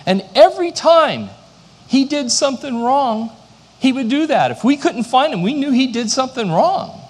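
A man's voice: very high-pitched, lively intonation, moderate pace, in a large hall. A middle-aged man, a pastor, preaching a sermon with storytelling and self-deprecating humor.

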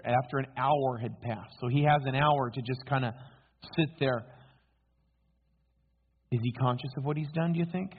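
A male preacher giving a sermon, telling the story dramatically and posing rhetorical questions to his listeners. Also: medium pitch. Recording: tinny phone-like sound.

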